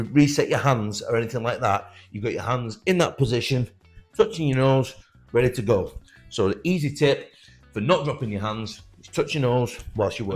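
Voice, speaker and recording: A man coaching beginner boxers, giving direct, encouraging instructions while demonstrating. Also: medium pitch. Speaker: boxing coach.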